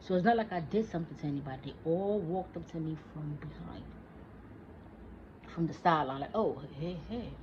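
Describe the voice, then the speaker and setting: A woman's voice: sits low, fairly quick. A woman in her forties ranting in a casual monologue, profane and heated, talking back at an imagined listener. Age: 40s. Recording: dull lo-fi recording with faint noise.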